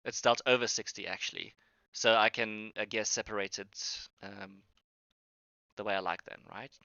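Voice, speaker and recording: Bright-voiced man running a tabletop game. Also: on the low side, steady tone, normal speed, creaky, no echo, lo-fi sound. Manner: hesitant, lots of ums and restarts. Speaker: game master.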